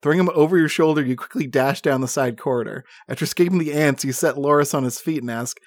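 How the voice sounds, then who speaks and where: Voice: medium pitch, fast, no room sound, clean studio sound. A narrator reading a gamebook aloud in a casual, playful way, breaking off to joke with friends.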